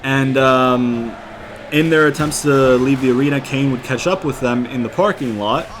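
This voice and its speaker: A man's voice: medium pitch, moderate pace, music in the background. A young man giving casual, rambling commentary over a wrestling game, full of fillers and cursing. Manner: rambling, filler-heavy, profane, casual slang. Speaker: gaming commentator.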